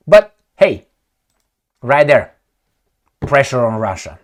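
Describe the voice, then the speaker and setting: A man's voice: fairly high pitch, very animated, normal speed, a little mellow. Guy ranting about politics on his channel, sarcastic, voice swings up and down a lot. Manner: emphatic, sarcastic, rhetorical questions. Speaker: political commentary host. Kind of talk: opinionated solo commentary.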